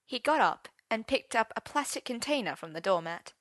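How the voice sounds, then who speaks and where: A woman reading a romance story aloud, expressive and switching voices for each character. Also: on the high side, moderate pace, few pauses, no room sound, studio quality. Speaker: narrator. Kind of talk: audiobook narration of romance fiction.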